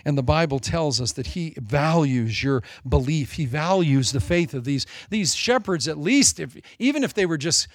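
Man, forties, preaching, animated, joking, fairly high voice, gravelly. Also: normal speed, hardly any pauses, no echo, studio quality. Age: 40s. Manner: animated, joking, self-mocking asides. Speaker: pastor. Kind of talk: sermon.

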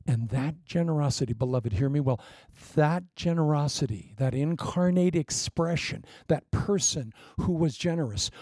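A male pastor preaches with animated delivery and now and then drops into a whisper for emphasis. His voice is mellow, husky and gravelly, and it sounds close and dry. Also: mid-range voice, normal speed, no echo. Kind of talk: sermon.

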